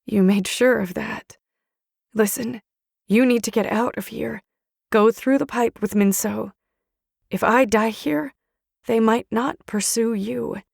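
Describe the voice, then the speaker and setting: A calm, gentle young man, badly wounded, speaking low and even in a storybook, as a woman narrator puts him on. He talks slowly and softly, with a gravelly edge to the voice. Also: dry recording, studio quality, exaggerated voice. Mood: calm tender.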